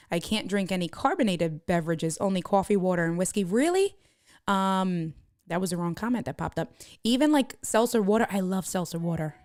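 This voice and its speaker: A woman's voice: medium pitch, darkish tone, no echo, clean studio sound. A woman live streaming, chatting casually with viewers, demonstrating camera gear and reading comments aloud.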